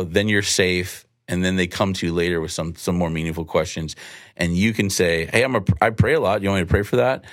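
Man with a really low voice, animated storyteller, does the voices of people he talked to. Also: no room sound, clean studio sound. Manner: animated, acts out dialogue in quotes. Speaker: guest speaker on evangelism. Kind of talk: storytelling, teaching.

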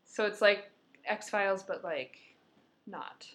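A woman's voice: mid-range voice, slow, fairly bright tone. A woman co-hosting a podcast, chatting casually, laughing often as she tells stories. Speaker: podcast co-host. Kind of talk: casual chat.

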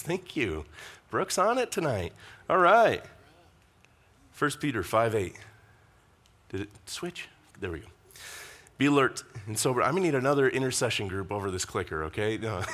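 A man's voice: medium pitch, a bit bright. A man preaching a conversational sermon, with asides to the congregation. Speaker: pastor.

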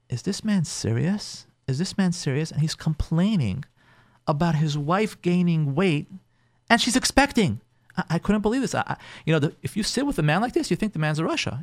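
Animated rabbi with a lively voice. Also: male voice, on the high side, gravelly, no echo. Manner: animated, repeats phrases for emphasis; acts out quoted people in shifting voices. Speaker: rabbi and counselor hosting a call-in advice show. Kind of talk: advice talk with storytelling.

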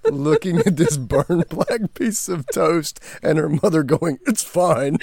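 A man's voice: fairly high pitch, slow, gravelly, dry recording, clean studio sound. A man in his forties, co-hosting a podcast, telling a family story with lots of laughter. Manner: animated storyteller, laughs often. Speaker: podcast co-host. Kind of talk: casual chat.

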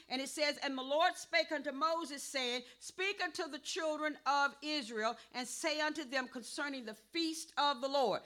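A woman pastor preaching a sermon, calling for responses and rising to a shout. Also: sits high.

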